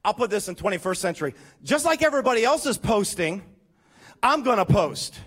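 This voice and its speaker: A pastor giving a lively, conversational sermon with emphatic points and humorous asides. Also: male voice, high-pitched, a little fast, breathy edge.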